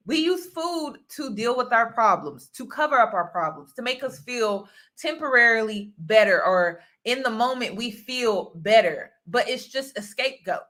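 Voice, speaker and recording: A woman's voice: fairly high pitch, sharp tone. A woman from the United States hosting a casual vlog monologue, speaking earnestly and repeating phrases for emphasis. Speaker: host and mentor.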